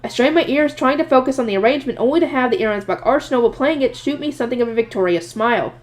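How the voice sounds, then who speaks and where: A woman narrates a light novel aloud at a quick pace. Her voice sits a bit high. She reads expressively and voices the narrator's private thoughts with feeling. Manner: lively, expressive reading with voiced asides. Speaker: audiobook reader.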